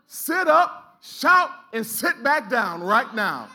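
A man's voice: extremely high pitch, big pitch swings, takes it slowly, sharp tone. A man preaching a sermon in a church, exhorting the congregation with call-and-response and casual, colloquial asides. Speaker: pastor. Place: church sanctuary.

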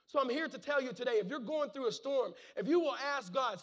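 High-pitched male preacher, fervent. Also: animated, brisk, few pauses, fairly bright tone. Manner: fervent, punctuates with calls of amen and hallelujah; repeats words and restarts phrases. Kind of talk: sermon, reading and preaching scripture.

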